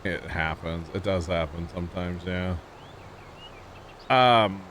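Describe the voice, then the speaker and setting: St. louis guy streaming a farm game, lowish voice, chatty and rambling, bit of hiss behind. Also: takes it slowly. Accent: St. Louis, Missouri. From Missouri, US. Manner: chatty, laughs easily, rambling. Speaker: livestream gamer. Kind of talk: casual chat with stream viewers.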